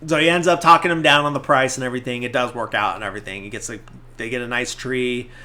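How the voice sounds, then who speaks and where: A man's voice: medium pitch, steady tone, fast, bright, forceful tone. A man hosting a podcast, casually retelling a movie scene by scene in a rambling way, full of fillers. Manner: rambling, filler-heavy retelling with acted-out quotes. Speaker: podcast host. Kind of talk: casual movie recap chat.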